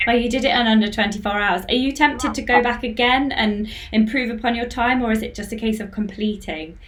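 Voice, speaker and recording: A woman hosting a live-streamed interview on a video call, chatty and warm in her words as she reads out viewer comments. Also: a little high, brisk, slight background noise. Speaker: podcast host.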